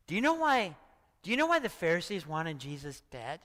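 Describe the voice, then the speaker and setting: A man's voice: a little high, huge pitch swings, a little fast, a bit bright. Older male pastor, sixties, conversational storytelling preacher, hall reverb. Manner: chatty, storytelling, often asks "right?". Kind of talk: conversational sermon. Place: church hall.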